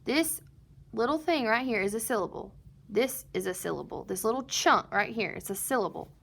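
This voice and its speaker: Woman teacher doing phonics for little kids, kinda high bright voice, asks herself is this a vowel, nope. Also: animated, vocal fry, husky. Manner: slow, patient, sounding out word parts; asks and answers her own questions. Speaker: first grade teacher. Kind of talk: recorded phonics lesson.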